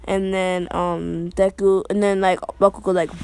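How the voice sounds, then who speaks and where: A woman's voice: on the low side, little pitch movement, a little slow, a little mellow, a little hiss or hum. A woman improvising a fan story, rambling, heavy with fillers and restarts.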